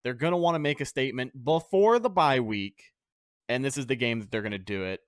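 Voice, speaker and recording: A man's voice: medium pitch, lively intonation, brisk, no room sound, clean studio sound. A man hosting a casual sports podcast, talking with confident, brash energy and casual swearing. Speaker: podcast host.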